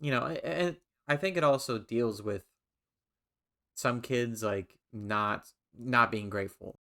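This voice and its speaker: A man in his twenties co-hosting a podcast, chatting casually and telling animated stories. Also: medium pitch, slow, vocal fry. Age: 20s. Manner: animated storyteller, mocks others in quoted voices. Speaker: podcast co-host. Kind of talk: casual chat.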